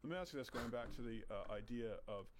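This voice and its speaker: A man's voice: mid-range voice, quick pace, background noise. A man questioning and challenging his debate opponent in a probing way.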